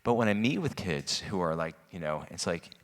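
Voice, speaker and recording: A middle-aged man with a notably deep voice talks to a room of parents in a loose, chatty way. He is animated and a little manic, and his voice carries a long hall echo. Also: fairly quick. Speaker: guest speaker on student stress. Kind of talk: informal parent-talk Q&A.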